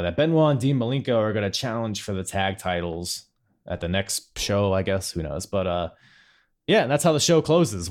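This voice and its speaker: A man hosting a casual podcast chat, laid-back, laughing often and swearing casually. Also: lowish voice. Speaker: podcast host.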